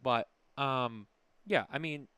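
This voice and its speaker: A man's voice: mid-range voice, takes it slowly, pushed and bright, smooth, no room sound. A man co-hosting a podcast, chatting casually and often restarting his sentences. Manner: conversational, many restarts and fillers. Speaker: podcast co-host. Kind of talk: casual chat.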